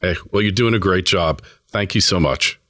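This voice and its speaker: A man's voice: low voice, normal speed, pushed and bright. A man hosting a casual interview, talking in an emphatic, conversational way. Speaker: host.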